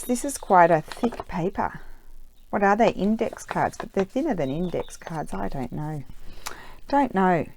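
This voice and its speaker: A woman's voice: lowish voice, darkish tone, slight background noise. A woman vlogger chatting casually at home while working on a craft project, rambling with lots of ums and uhs. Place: room at home with window open.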